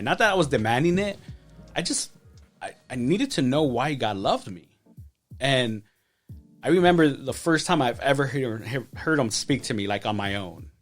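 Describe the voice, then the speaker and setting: A man's voice: medium pitch, animated, normal speed, soft background music. A man in his thirties, a podcast guest, telling his life story with feeling, with many restarts and "like". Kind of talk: personal testimony.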